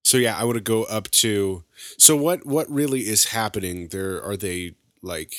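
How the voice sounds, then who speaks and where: Low-voiced male player, casual and blunt, dry audio. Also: normal speed, fairly bright tone, no room sound. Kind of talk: playing a tabletop game.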